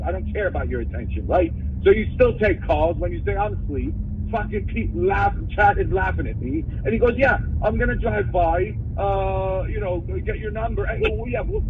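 A man's voice: high-pitched, recorded from a distance, slight background noise. Man ranting over a tinny phone line. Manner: aggressive, profane, berating. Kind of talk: angry phone rant.

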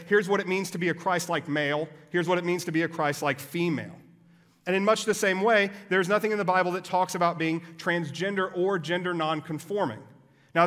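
A fairly high-voiced man gives a sermon, explaining points in an easy, conversational way and dropping in casual asides. His voice carries a long reverb from a church hall. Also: fairly bright tone. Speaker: pastor.

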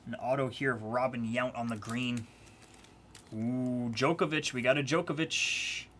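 A man's voice: mid-range voice, steady tone, measured pace, fairly bright tone, slight background noise. Playful man hosting a card break. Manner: playful, chatty, teasing the chat. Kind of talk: casual live-stream commentary.

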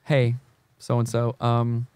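A man's voice: mid-range voice, completely flat delivery, takes it slowly, a little mellow, clean tone, dry recording. A man from the American South, a podcast guest, talking earnestly in casual conversation and acting out quoted lines. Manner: earnest, searching, restarts often, acts out quotes.

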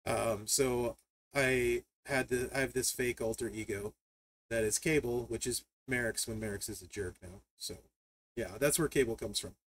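A man hosting a live stream, telling family stories in a casual, animated way, laughing often and reading chat aloud. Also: mid-range voice, moderate pace. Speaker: livestream host.

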